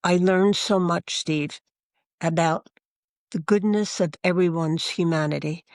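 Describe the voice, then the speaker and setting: A woman's voice: lowish voice, measured pace, darkish tone, no room sound, studio quality. An older woman, a religious sister, telling stories from her teaching years in an interview, acting out the voices of the people she remembers. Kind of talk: storytelling interview.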